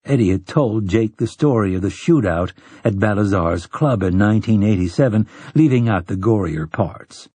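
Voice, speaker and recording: A man narrating an audiobook in a measured, even storytelling manner, with a husky voice. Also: lowish voice, no echo. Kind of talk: scripted narration.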